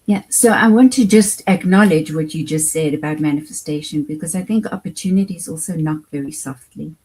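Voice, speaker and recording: A woman with a South African accent speaks as an interview guest. Her voice is low, dark and husky, and her answers come out measured and deliberate. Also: rough recording. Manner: measured, articulate, deliberate phrasing. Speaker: guest, education program founder.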